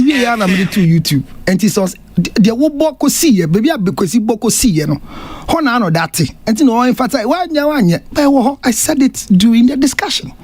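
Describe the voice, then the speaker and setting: A man's voice: high-pitched, breathy edge, no echo. A Ghanaian man on a radio panel, insistently defending his remarks and switching between English and Twi. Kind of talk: heated radio panel talk. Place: radio studio.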